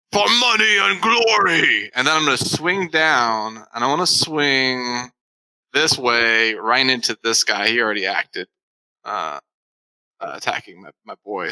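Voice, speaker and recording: A man's voice: medium pitch, normal speed, bright, forceful tone, rough recording. A man playing a tabletop game, eager and tripping over his words as he lays out his moves. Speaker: player.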